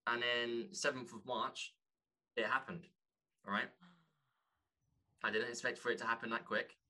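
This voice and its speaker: Earnest man, bright voice. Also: mid-range voice, fairly even intonation. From London, England. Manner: earnest, halting, restarts often. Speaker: podcast guest, author. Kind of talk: candid conversation.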